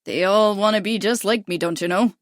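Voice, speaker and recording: A woman's voice: mid-range voice, steady tone, brisk, no room sound, clean studio sound, close to an everyday voice. A woman voicing a brash, boastful young male jockey with a drawling American Midwestern accent in a storybook reading. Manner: drawling, belligerent.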